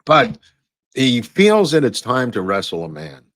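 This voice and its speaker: A man's voice: mid-range voice, huge pitch swings, a little slow, fairly bright tone, no echo. A man hosting a podcast, talking casually over photos and clips in a rambling way with many fillers and restarts. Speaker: podcast host.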